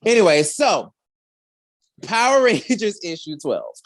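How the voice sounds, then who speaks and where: A man hosting a podcast, telling a comic story in a slangy, animated way. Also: sits high, unhurried. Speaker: podcast host. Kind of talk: casual comic recap chat.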